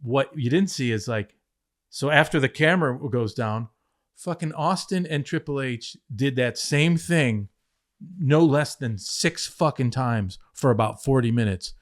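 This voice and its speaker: Animated, swearing man telling backstage stories. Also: medium pitch, unhurried. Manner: animated, profane, acts out quotes mid-story. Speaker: former head writer of a wrestling show, podcast guest. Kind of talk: casual storytelling chat.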